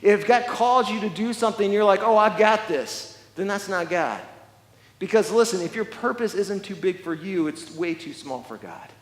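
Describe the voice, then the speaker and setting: A man's voice: high voice, expressive, moderate pace. A man preaching a sermon as pastor, emphatic, often repeating words and restarting phrases. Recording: long echoey church hall reverb.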